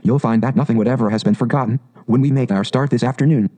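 A man voicing a boastful, excitable male toad who talks in a grand, gushing way. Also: medium pitch, fast talker, natural voice. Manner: pompous, gushing, exclamatory.

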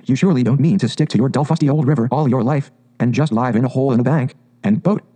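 A man's voice: mid-range voice, fast talker, mellow, close to an everyday voice. A man doing a pompous, boastful storybook toad. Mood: pleading. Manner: pompous, gushing, exclamatory. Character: boastful excitable male toad, grand and wheedling.

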